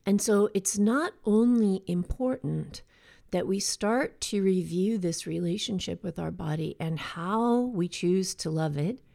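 Earnest woman host, slow emphatic talk. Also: on the low side, creaky, a little mellow. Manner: earnest, conversational, draws out key words slowly. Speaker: podcast host. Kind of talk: reflective motivational talk.

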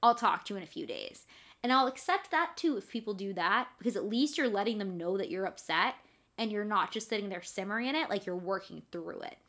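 A woman's voice: medium pitch, expressive, brisk, fairly bright tone. A young woman, the host's best friend and guest, talking frankly and casually, swearing and laughing easily. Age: young adult. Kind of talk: casual chat between friends.

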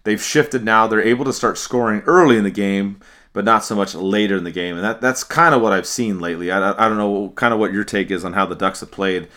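A man hosting a casual sports podcast, speaking in a relaxed way with frequent restarts and repeated words. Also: on the low side, a little fast. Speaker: podcast host.

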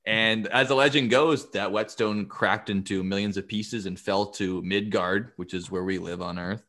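Deep-voiced man telling myths casually. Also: steady tone, moderate pace, a bit bright. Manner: jokey, rambling with fillers. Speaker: podcast host. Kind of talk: casual storytelling.

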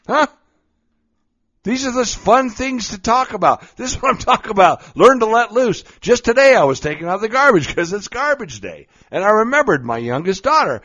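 A man's voice: high-pitched, very animated, normal speed, sharp tone. A middle-aged man talking casually and playfully, joking and laughing often as he gives advice on being goofy. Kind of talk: casual monologue. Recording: dull lo-fi recording.

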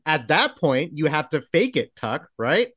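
A relaxed young man hosts a podcast over a video call and readily agrees with his guest. His voice sits a little high for a man, and he keeps it loose with "dude" and "man". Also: unhurried. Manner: laid-back, agreeable, says "dude" and "man". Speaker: podcast host. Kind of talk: casual podcast chat.

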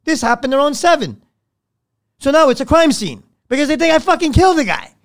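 A man, a podcast guest, telling a story in casual, blunt and profane talk that swings between loud and hushed. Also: very high-pitched, very animated, a little fast.

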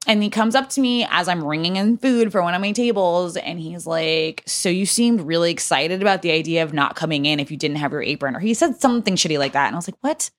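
A young woman on a podcast rattles through a workplace story at a quick clip, swearing freely and leaning on filler words. Her voice sits on the lower side for a woman. She tells it as easygoing, lively chat. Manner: animated, profane storytelling with many fillers. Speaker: podcast guest.

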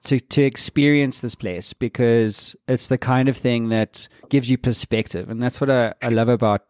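A man's voice: mid-range voice, steady tone, moderate pace, a little mellow, no room sound, clean studio sound. A man hosting a podcast in casual chat, reflective and swearing casually. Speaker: podcast host.

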